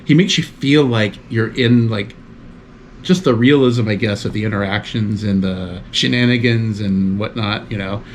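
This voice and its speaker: A man's voice: lowish voice, moderate pace, a little hiss or hum. A man, a guest in a casual chat, rambling loosely with lots of fillers.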